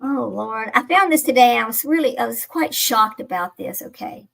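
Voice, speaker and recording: A woman's voice: fairly high pitch, expressive, moderate pace, vocal fry, fairly bright tone. A woman hosting her own channel, chatting casually and rambling in a distracted, incredulous way while she looks for videos. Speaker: channel host.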